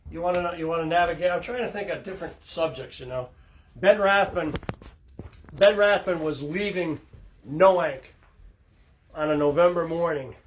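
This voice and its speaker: A man's voice: fairly high pitch, a little hiss or hum. An older man, a fishing captain telling sea stories in casual talk, acting out the voices of the people in them and laughing as he goes. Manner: animated storyteller, acts out quotes, laughs mid-story. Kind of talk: casual storytelling.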